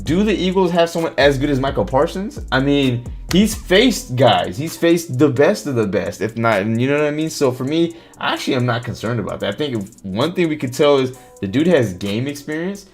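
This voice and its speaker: A man's voice: mid-range voice, normal speed, few pauses. A man hosting a live stream, talking casually about football, swearing freely and reacting to chat comments, with faint music behind him. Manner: animated, swears, reads chat comments aloud.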